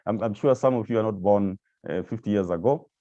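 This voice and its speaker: Man presenting slides, halting with restarts, mellow dark tone, dry close sound. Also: lowish voice, no echo, dull audio. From Kenya. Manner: hesitant, repeats words, fillers. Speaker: agency official presenting to staff.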